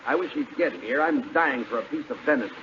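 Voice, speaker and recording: Exasperated straight man, lively gravelly male voice, hissy old radio sound. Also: medium pitch, fast. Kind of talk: 1940s radio comedy acting. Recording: muffled 1940s radio broadcast with hiss.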